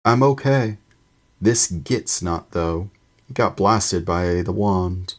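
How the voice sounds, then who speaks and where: A man voicing an anxious, loyal teenage boy wizard in a storybook reading, talking loud and urgent. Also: mid-range voice, takes it slowly, voice pushed up.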